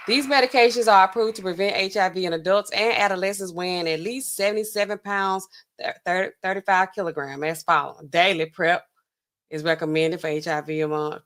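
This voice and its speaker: A woman's voice: on the low side, a bit bright. A middle-aged woman hosting a pharmacy livestream, chatting casually with her viewers and carefully sounding out drug names.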